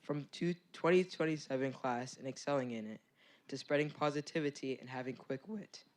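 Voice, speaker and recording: A teenage boy, a high school student, reads his own poem at a school board meeting, starting shy. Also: a little fast. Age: teens. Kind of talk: poetry reading.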